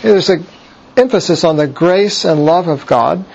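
A man teaching verse by verse through a book of scripture, measured and explanatory, pausing on "uh" and restarting phrases. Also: a little high, lively intonation, gravelly, darkish tone, muffled recording. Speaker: Bible teacher.

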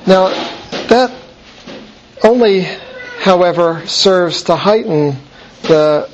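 A man's voice: sits high, slow pace, a little hiss or hum. A man giving an explanatory Bible study talk, stopping often to correct himself with small fillers. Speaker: Bible teacher. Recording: dull lo-fi sound with faint ambience.

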